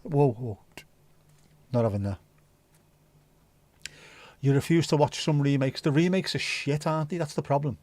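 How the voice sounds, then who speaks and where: A man's voice: fairly high pitch, moderate pace, pauses often, a little mellow, dry recording. A man hosting a livestream, rambling and swearing casually as he answers viewers' comments. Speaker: livestream host. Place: home livestream setup.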